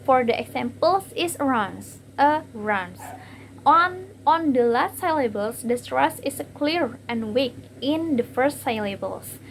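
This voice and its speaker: A young woman with an Indonesian accent gives a class presentation from slides. She reads haltingly, with many fillers and repeated words. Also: high-pitched, expressive, creaky, a little hiss or hum, low-quality recording. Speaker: student presenter.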